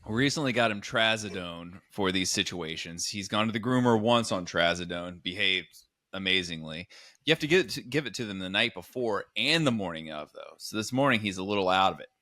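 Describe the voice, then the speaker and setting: Low-voiced man telling a rambling story. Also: animated, fairly quick, sharp tone, no echo. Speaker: podcast co-host. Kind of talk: casual comedic chat.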